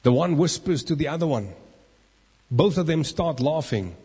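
Preacher in an echoing hall. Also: male voice, fairly high pitch, normal speed, slightly rough. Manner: animated, acts out inner voices. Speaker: pastor. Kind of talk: sermon. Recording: long reverb of a church hall.

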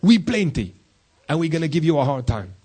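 A man voicing a boastful, threatening male demon in a sermon, with a husky, mocking delivery. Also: big pitch swings, brisk, darkish tone. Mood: taunting. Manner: mocking, threatening, raised and higher-pitched. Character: menacing taunting male demon, boastful and defiant.

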